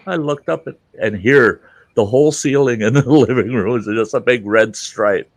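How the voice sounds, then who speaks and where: A man hosting a live stream, telling stories in casual chat, animated and swearing freely, laughing as he goes. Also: mid-range voice, moderate pace, dry recording.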